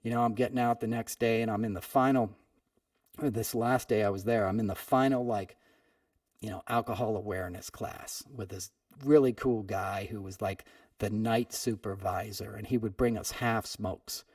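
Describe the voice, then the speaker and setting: A man's voice: fairly low pitch, steady tone, normal speed, darkish tone, no room sound, clean studio sound, far from the mic. A man hosting a podcast, telling a personal story in a conversational way and leaning on "you know" often. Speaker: podcast host. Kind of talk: storytelling monologue.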